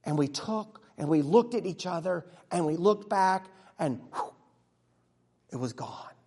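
A man playing an earnest, excitable disciple who tells his own story in a church monologue, chatty with sudden hushes and bursts. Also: sits high, a little slow, breathy edge, full character voice. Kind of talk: first-person dramatic monologue. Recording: long reverb of a large hall.

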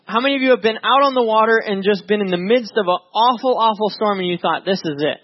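A pastor with a high-pitched voice preaches fast to his congregation in church, reading scripture and speaking conversationally. He often repeats words and asks "right?" The sound is dull and lo-fi.

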